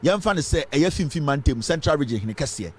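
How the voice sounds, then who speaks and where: Speaking briskly in an animated, somewhat high voice with a breathy edge, this man from Ghana fires off political commentary. His Ghanaian-accented delivery is fiery, full of rhetorical questions, and mixes English with Twi.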